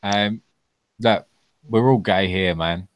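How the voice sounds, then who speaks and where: A man's voice: fairly low pitch, steady tone, takes it slowly. A man hosting a casual livestream Q&A, laid-back and sweary, laughing often and calling people mate over a video call. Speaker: host.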